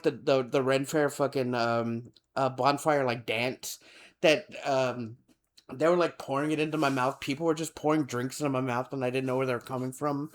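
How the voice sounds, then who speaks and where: A man, co-hosting a podcast and telling a rambling story in casual chat, acting out the people in it. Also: a little high. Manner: rambling, animated, acts out quoted people. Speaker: podcast co-host.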